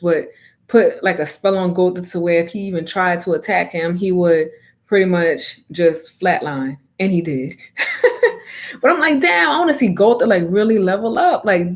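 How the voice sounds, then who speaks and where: A woman giving a casual anime review, talking in an animated, emphatic way with plenty of slang. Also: on the low side.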